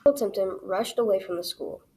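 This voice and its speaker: A woman reading her own children's story aloud as the storyteller, in an expressive, animated way. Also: mid-range voice, brisk, vocal fry, low-quality recording.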